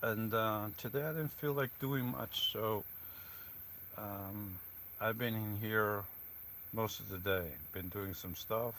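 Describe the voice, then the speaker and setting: Hushed low-voiced man streaming from a van. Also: fairly even intonation, takes it slowly, slight background noise. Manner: talks quietly, keeping his voice down. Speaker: vlogger live-streaming. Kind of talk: casual live stream chat. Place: inside a van on a rainy night. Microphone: phone propped close.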